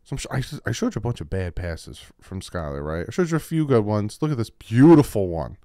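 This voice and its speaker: Emphatic low-voiced man breaking down game film. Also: fairly quick, dry recording, studio quality. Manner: emphatic, repeats points, voice jumps when excited. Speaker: football film-study host. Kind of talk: casual film-breakdown commentary. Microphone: desk microphone.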